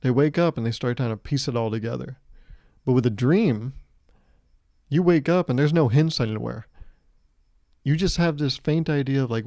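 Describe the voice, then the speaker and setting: A man's voice: mid-range voice, moderate pace, pauses often, mellow, no room sound. A man in his twenties hosting a solo podcast, rambling and joking, acting out quotes as he mocks himself. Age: 20s. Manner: rambling, joking, self-mocking with acted-out quotes. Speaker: podcast host. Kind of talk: casual solo podcast monologue.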